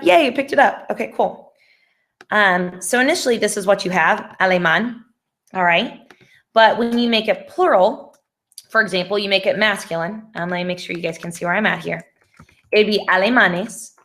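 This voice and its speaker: A woman's voice: mid-range voice, a bit bright. Young female teacher, casual and patient, thinks aloud on a laptop video call. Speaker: Spanish teacher. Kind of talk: online class review session.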